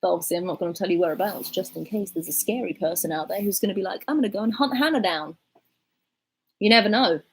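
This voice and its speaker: A young Englishwoman with a southern English accent talks through viewer questions in a loose, rambling way. Her voice is husky and a little breathy. She laughs easily as she goes. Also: mid-range voice, rough recording. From England. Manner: chatty, rambling, laughs often. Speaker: vlogger answering viewer questions. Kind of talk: casual chat.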